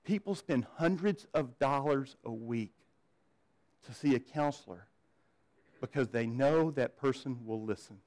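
A man's voice: medium pitch, measured pace, a little mellow, rough recording. A man preaching a sermon as pastor, conversational, often repeating words as he starts a sentence and asking the congregation questions. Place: church.

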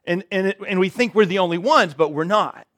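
High-voiced pastor preaching conversationally. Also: male voice, fairly quick, a bit bright. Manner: conversational, self-deprecating, frequent "right?" asides. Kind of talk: sermon. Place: church service before a congregation.

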